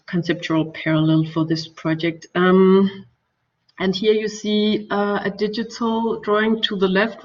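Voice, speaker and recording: Danish-accented woman lecturer, slow and halting, fairly low voice, heard from a distance on a muffled recording. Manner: hesitant, many fillers and restarts. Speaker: architecture lecturer. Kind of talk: academic talk.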